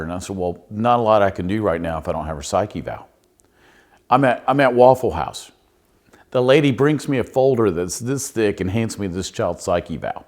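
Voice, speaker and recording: Deep-voiced pastor telling stories. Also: male voice, a little mellow. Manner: folksy, anecdotal storytelling with restarts. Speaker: pastor and consultant. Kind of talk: storytelling podcast monologue.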